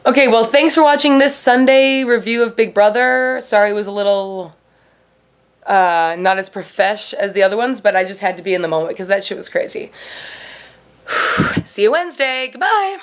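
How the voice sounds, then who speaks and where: A woman's voice: mid-range voice, lively intonation, normal speed. A woman hosting a casual TV recap vlog, rambling and swearing freely, with "like" in nearly every sentence. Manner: rambling, profane, heavy on "like". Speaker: show host.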